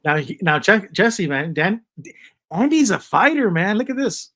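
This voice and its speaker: Rambling joking man host, fairly high. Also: a little slow, low-quality recording. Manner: rambling, animated, loose and joking. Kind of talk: casual livestream chat.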